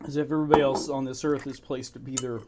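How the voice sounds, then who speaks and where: Over very noisy audio, a man with a medium-pitched, level voice reads old documents fast. He's an amateur history narrator giving a casual retelling of archive material, chuckling through informal asides and fillers such as "you know."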